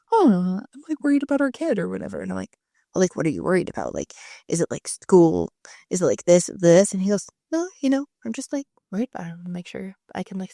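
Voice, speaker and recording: A woman's voice: on the low side, gravelly, warm tone, dry recording, clean studio sound. A woman in her thirties co-hosting a podcast, chatting casually, swearing freely and acting out the lines of people she quotes. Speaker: podcast co-host. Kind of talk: casual chat.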